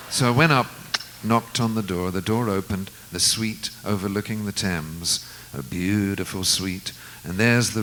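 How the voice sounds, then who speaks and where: A man, a guest musician, telling a long anecdote in an unhurried, reflective way, acting out the lines of the people in it. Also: sits low, fairly bright tone, slight background noise, rough recording. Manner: unhurried, reflective storyteller who acts out quoted lines. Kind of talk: storytelling anecdote in conversation.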